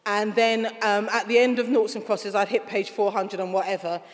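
Woman author, interview guest; animated, laughing storyteller; reverberant room. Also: mid-range voice, moderate pace. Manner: animated, laughing, acts out quoted voices.

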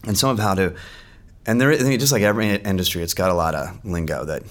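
A man with a very low, deep voice talks casually as a podcast guest. He tells stories in an animated way and acts out other people's lines. He laughs easily. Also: fast. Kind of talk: casual storytelling chat.

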